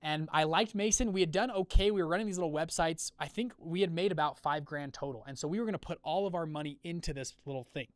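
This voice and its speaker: A man's voice: a little high, fast, few pauses, dry recording. Upbeat man telling a story. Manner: energetic, acts out quoted dialogue with shifting voices; conversational, many fillers and check-ins. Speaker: business coach hosting a live call. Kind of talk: storytelling talk to an audience.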